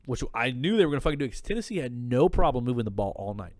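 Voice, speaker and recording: A man's voice: medium pitch, big pitch swings, rapid-fire, darkish tone, no echo. Profane, heated man telling a story. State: tipsy. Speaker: podcast guest. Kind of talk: casual drunk podcast chat.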